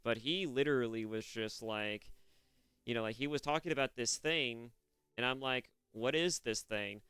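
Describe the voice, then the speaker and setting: A man's voice: mid-range voice, moderate pace, a bit bright, smooth, no room sound. A young man from California giving casual, profane reaction commentary, rambling with restarts. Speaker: reaction streamer.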